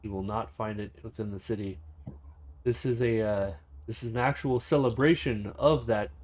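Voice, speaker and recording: A man's voice: lowish voice, fairly even intonation, normal speed, a little mellow, natural voice. A man voicing a tall, scarred, rail-thin male stranger who speaks politely and formally in a tabletop game. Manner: polite, formal, easily flustered.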